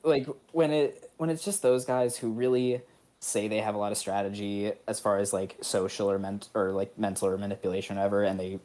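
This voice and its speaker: A man's voice: fairly low pitch, fairly even intonation, brisk, warm tone. A man co-hosting a casual reality-TV chat, rambling with many fillers and frequent laughs. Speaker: podcast co-host.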